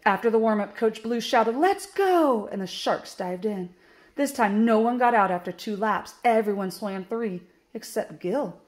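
A woman's voice: medium pitch, steady tone. A woman teacher reading a children's picture book aloud and explaining subtraction steps. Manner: slow, clear, explaining steps. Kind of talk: children's book read-aloud with math lesson.

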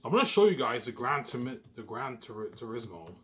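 A young Canadian vlogger talks to his viewers in a medium-pitched, sing-song, somewhat bright voice at a fairly quick pace. His rambling, repetitive monologue keeps restarting phrases as he boastfully daydreams about his plans.

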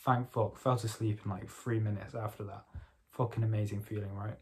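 A man's voice: fairly low pitch, fairly even intonation, a little fast, a little hiss or hum. A young man talks straight to camera in a rambling, motivational vlog monologue, swearing freely as he goes. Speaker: vlogger. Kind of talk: casual late-night monologue.

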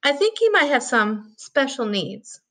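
A woman's voice: sits high, sing-song, unhurried, a bit bright, voice pushed up, heavily acted. Woman voicing an earnest young schoolgirl. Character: young schoolgirl, kind and a bit worried.

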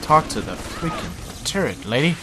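A man's voice: a little high, sing-song, moderate pace, background noise. A man giving casual let's-play commentary, jumpy and self-mocking, pleading with and talking to the game's characters. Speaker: gameplay commentator.

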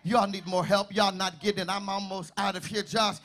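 High-voiced preacher singing his sermon. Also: little pitch movement, moderate pace, soft background music. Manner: call-and-response preaching, half sung, building to shouts. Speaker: pastor. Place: church sanctuary.

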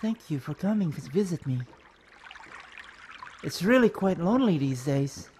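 A man voicing a lonely, gentle elderly woman in a game, speaking quietly. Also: a little high, lively intonation, moderate pace, slight background noise, pitched below the performer's own voice, natural voice. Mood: gentle, wistful.

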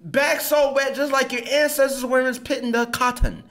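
A man hosting a comedic reaction video, talking in an animated, slangy way. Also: extremely high pitch, moderate pace.

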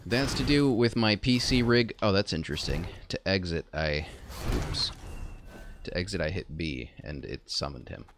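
Low gravelly male game streamer. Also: expressive, normal speed, fairly bright tone, slight background noise. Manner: chatty, self-correcting and rambling. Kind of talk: casual gameplay commentary.

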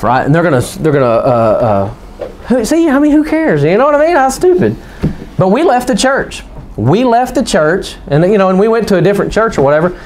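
A man's voice: high voice, a little mellow, slight background noise. A male pastor preaching a sermon in a church, folksy and joking, then rising into fervent preaching while the congregation calls out amens. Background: congregation calling out amens.

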